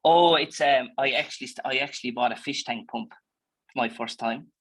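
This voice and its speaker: A man's voice: mid-range voice, moderate pace, fairly bright tone, breathy edge, dry recording, rough recording. A man with an Irish accent, a dairy farmer answering interview questions in a chatty, plainspoken way, full of fillers and restarts. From Ireland.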